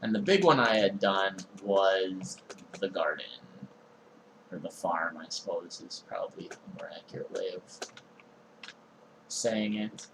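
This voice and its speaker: A young man streaming a game, talking through his inventory in a relaxed, meandering way with frequent ums and uhs. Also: sits low, measured pace, pauses often, noisy background. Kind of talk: casual let's-play commentary.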